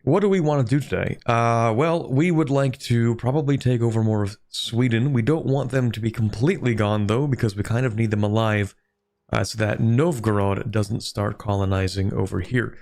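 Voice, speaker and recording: A man's voice: mid-range voice, moderate pace, gravelly, a little mellow. A man streaming a strategy game, chatting casually, thinking aloud and answering viewers' questions. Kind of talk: casual gameplay commentary.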